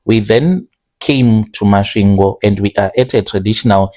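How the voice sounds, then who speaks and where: A man telling a strange first-person confession in a plain, steady way, slowing down now and then on careful phrases. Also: lowish voice. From Zimbabwe. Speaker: confession storyteller.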